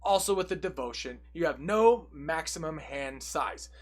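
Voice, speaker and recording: A man's voice: fairly high pitch, expressive. Upbeat man reading out card text. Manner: reads card text aloud between quick, jokey asides. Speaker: deck tech presenter. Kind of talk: casual card-by-card deck walkthrough.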